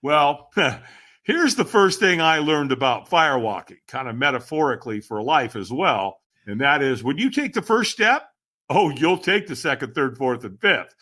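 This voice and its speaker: A man, a podcast guest, telling a personal story in a lively, dramatic way and often addressing the host. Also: a little high, normal speed. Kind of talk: animated storytelling.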